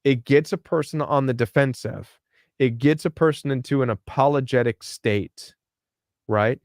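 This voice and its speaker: A man of middling pitch, a life coach speaking as a podcast guest. He tells stories in an animated way and voices the people in them. The sound is dry and close. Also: moderate pace, no echo. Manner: animated storyteller acting out quoted dialogue. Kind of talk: podcast interview storytelling.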